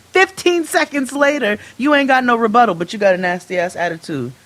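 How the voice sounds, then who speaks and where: A woman co-host with a somewhat high voice tells a story over casual chat. She is animated and profane, and she acts out each side of the exchange. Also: fairly quick, few pauses. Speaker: podcast co-host.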